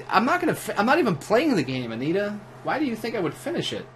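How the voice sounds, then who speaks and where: A man's voice: high voice, huge pitch swings, fast talker, fairly bright tone, a little hiss or hum. A drunk man livestreaming at home, telling a profane, rambling story in a casual way, with many restarts. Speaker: livestream host. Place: at home while gaming.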